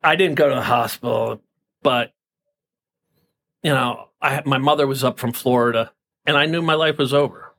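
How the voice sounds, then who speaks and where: A man's voice: mid-range voice, moderate pace, pauses often, a bit bright. A man from New Jersey telling a personal story as a podcast guest, intense and profane, often stammering and repeating words.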